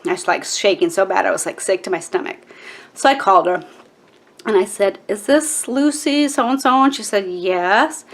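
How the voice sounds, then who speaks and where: A woman's voice: medium pitch, lively intonation, fairly quick, creaky. A woman in her forties telling a personal story to camera, candid and emotional, with a casual "like" and a tearful edge. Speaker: vlogger.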